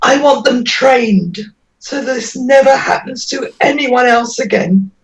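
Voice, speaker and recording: Distraught mother, slow, distant lo-fi sound. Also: high voice. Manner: earnest, pleading, voice breaking with emotion. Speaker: interviewee, mother. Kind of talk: emotional interview. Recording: dull lo-fi audio, distant from mic.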